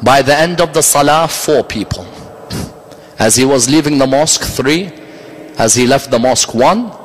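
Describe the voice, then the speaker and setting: A man giving a Muharram majlis sermon, telling the story step by step and building to an impassioned, near-shouting recital. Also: mid-range voice, expressive, normal speed, breathy edge, rough recording. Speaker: Islamic lecturer.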